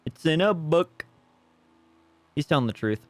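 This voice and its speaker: A man's voice: a little high, lively intonation, unhurried. A man streaming a detective game, rambling and sarcastic in casual commentary at a desk microphone.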